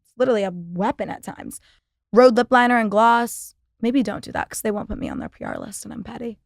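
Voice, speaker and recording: A young woman hosts a podcast, delivering a sarcastic, profane, rambling casual monologue. Her fairly high voice is very animated, fairly quick, and creaky, captured in a dry, studio-quality recording.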